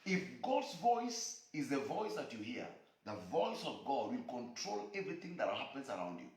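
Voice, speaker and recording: A man's voice: mid-range voice, very animated, moderate pace, darkish tone, roomy sound. A man preaching a sermon broadcast alone, repeating phrases with an emphatic cadence. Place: room alone.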